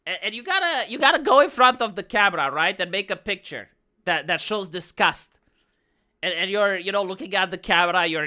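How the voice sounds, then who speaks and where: A man's voice: sits high, sharp tone. A man live streaming, talking casually and sarcastically to his chat with frequent stammered restarts. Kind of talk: casual rambling stream talk.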